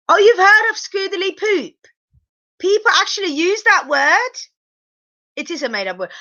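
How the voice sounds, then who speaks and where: A woman's voice: high voice, expressive, unhurried, pauses often, sharp tone, no echo, muffled recording. A woman giving a chatty live review of a reality show, exclaiming and asking her viewers questions. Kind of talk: live casual episode review.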